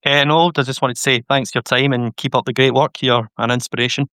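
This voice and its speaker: A man's voice: medium pitch, fairly even intonation, fast, pushed and bright, smooth, no echo. A male caller with an accent the host remarks on, speaking in an earnest way with slight stammers. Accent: British or Irish. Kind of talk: call-in conversation.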